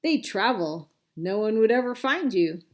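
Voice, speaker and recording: A woman voicing a brave young man, shouting urgently, anxious but determined. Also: mid-range voice, lively intonation, a little slow, close to an everyday voice. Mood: coaxing.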